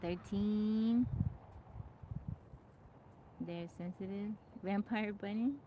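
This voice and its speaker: A woman's voice: medium pitch, drawn-out words, muffled recording, noisy background. Chatty woman livestreaming outdoors. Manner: chatty, greets viewers by name, laughs often. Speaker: livestream host. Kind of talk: casual live chat. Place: outdoors in nature. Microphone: phone.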